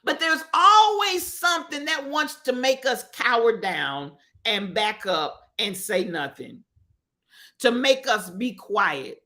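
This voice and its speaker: A woman host speaks with a high, bright and forceful voice. She delivers preacherly commentary on the radio. She repeats phrases and asks her listeners rhetorical questions. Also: very animated, slow. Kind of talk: impassioned talk-radio commentary.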